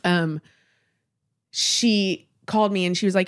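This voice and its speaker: A woman's voice: fairly low pitch, moderate pace, pauses often. A woman guest on a podcast telling a story in candid, casual chat, swearing and laughing as she goes.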